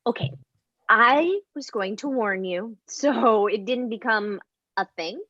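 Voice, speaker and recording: A woman reading the part of a wife who explains, in a measured, apologetic way, why she is ending her marriage. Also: on the high side, lively intonation, pushed and bright, no echo, full character voice. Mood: weary. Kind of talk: live script reading. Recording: dry, dull lo-fi sound.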